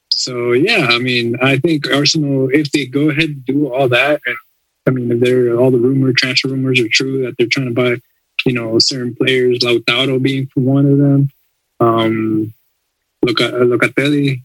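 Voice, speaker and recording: A man's voice: mid-range voice, fairly bright tone, no room sound, rough recording. Easygoing man co-hosting, dry mic. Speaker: podcast co-host. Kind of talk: casual sports podcast chat.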